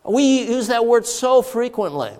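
High-pitched guy preaching, leans hard on key words, big echoey hall. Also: expressive, a little mellow. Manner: emphatic, slows down to stress key words. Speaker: pastor. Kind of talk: sermon.

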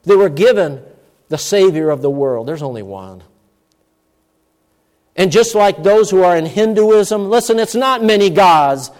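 A man preaching a sermon with emphatic delivery, moving between loud, stressed words and hushed asides. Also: sits high, animated, measured pace, pauses often. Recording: long church-hall reverb.

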